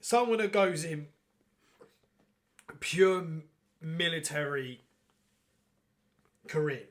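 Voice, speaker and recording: A man hosting a podcast with a fairly high voice. He chats loosely and rambles, swears freely, and laughs a lot. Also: expressive, slow pace. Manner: profane, rambling, laughing often. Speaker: podcast host. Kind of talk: casual chat.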